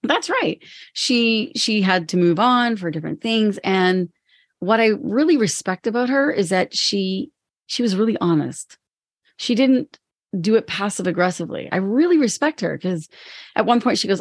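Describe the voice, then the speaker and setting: A woman's voice: mid-range voice, lively intonation, moderate pace, no echo. A woman co-hosting a podcast conversation, speaking candidly and reflectively, sometimes acting out her own inner voice. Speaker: podcast co-host and business owner.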